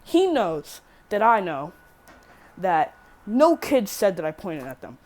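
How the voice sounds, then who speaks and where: A woman's voice: mid-range voice, sing-song, slow, darkish tone. A teenage girl rambling through a casual storytime vlog, swearing freely and correcting herself as she goes. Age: teen. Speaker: vlogger.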